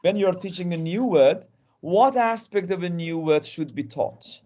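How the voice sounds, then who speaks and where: Male guest lecturer, fairly high voice, interactive, repeats himself, on a video call. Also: a little slow, warm tone, dull audio, a little hiss or hum. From Iran. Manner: interactive, often restarts and repeats words. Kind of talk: online webinar lecture.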